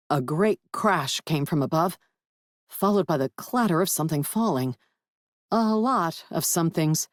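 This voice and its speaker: Low-voiced woman narrating an audiobook. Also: no echo, clean studio sound. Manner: wry, lively first-person storytelling. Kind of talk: first-person audiobook narration.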